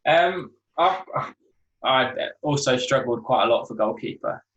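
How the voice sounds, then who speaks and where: A man chatting casually, his pitch moving a lot as he talks, hesitant with fillers yet playful. He jokes along with his friends. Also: animated, unhurried, a bit bright, muffled recording. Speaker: podcast co-host. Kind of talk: casual chat.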